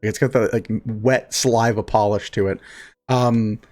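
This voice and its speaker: A man's voice: fairly low pitch, fairly even intonation, unhurried, darkish tone. A man running a tabletop game as game master, narrating casually with lots of fillers.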